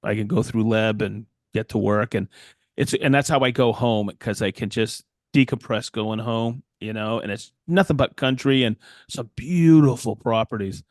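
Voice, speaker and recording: A man's voice: medium pitch, normal speed, dry recording. Guy rambling through a story, does little voices for everyone, dead dry mic. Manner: rambling, animated, quotes people in voices. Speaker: podcast co-host and woodworker. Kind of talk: casual storytelling chat.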